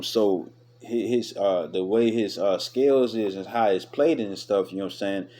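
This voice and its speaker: Man, lowish voice, casual Bible study talk, chatty fillers, slow halting verse reading. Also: warm tone. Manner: chatty, repeats "you know what I'm saying" often; reads verses aloud slowly with stumbles. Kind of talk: casual scripture commentary.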